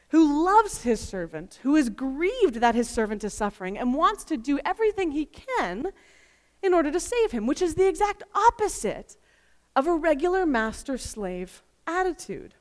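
A woman giving an expressive, emphatic Bible teaching full of rhetorical questions. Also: high-pitched, moderate pace. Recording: long reverb.

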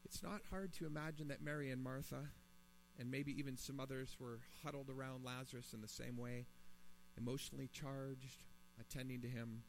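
A man preaching a sermon in his thirties or forties, earnest and building to emphatic pleas. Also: medium pitch. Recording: long reverb in a hall, mains hum.

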